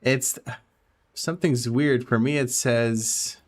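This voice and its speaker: A man's voice: medium pitch, fairly even intonation, takes it slowly. A young man chatting casually while streaming a game, reading and answering chat with frequent laughter.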